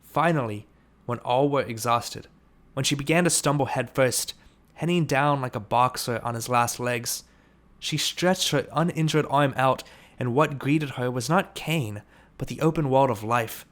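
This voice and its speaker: A man narrating an audiobook, reading steadily and lifting his voice for shouted lines. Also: mid-range voice, unhurried. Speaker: audiobook reader.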